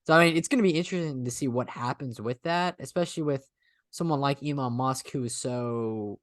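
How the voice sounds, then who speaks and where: Podcast co-host guy, chatty and laughy, middle pitch, dry close sound. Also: brisk, no echo. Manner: animated, laughs often, trails off. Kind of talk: casual podcast chat.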